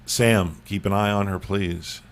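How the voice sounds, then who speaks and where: Teasing low-voiced male host. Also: fairly even intonation, a little slow. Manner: joking, teasing, repeats words. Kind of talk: casual podcast chat.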